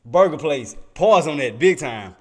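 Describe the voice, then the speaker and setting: A man's voice: a little high, animated, measured pace. A man hosting a live day-trading stream, talking casually to his chat in slang and laughing often.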